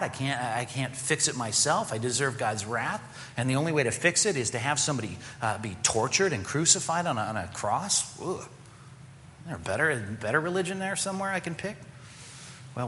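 A man preaching a sermon as pastor, animated and sarcastic, acting out the voices he quotes. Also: mid-range voice, big-room sound, slight background noise.

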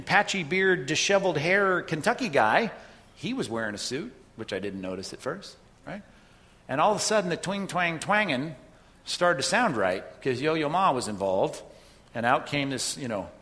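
A man's voice: a little high, fairly bright tone, long reverb tail. A man preaching a sermon in a conversational way, often checking in with "right?" as he tells a story and makes his point. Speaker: pastor.

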